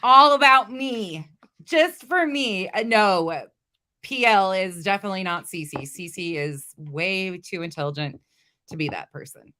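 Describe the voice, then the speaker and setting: A woman's voice: medium pitch, a little slow, bright, forceful tone. A woman hosting a commentary channel, talking bluntly and confrontationally with lots of profanity. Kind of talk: casual reaction commentary.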